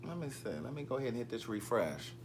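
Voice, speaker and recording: This Maryland livestream host talks fast and very animatedly at a medium pitch, teasing viewers as he goes through their comments. A faint hiss or hum sits under the casual chat.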